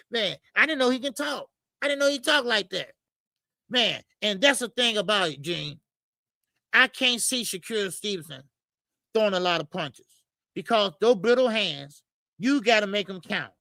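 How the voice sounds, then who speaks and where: A man hosting a live boxing talk stream, ranting in a profane, animated way and often repeating himself. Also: high-pitched, normal speed, gravelly, no room sound. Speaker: boxing show host.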